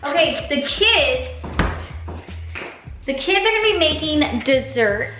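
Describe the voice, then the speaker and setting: A woman's voice: high-pitched, sing-song, slow pace, bright, forceful tone, soft background music. Chatty woman vlogging her cooking. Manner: chatty, upbeat, talking to viewers. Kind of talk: casual cooking vlog. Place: home kitchen and backyard grill.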